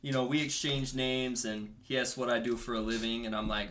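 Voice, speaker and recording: A man's voice: mid-range voice, steady tone, brisk, hardly any pauses, a bit bright, slight background noise. A young man co-hosting a casual podcast, telling stories with lots of swearing and laughter. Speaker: podcast co-host. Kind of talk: casual storytelling.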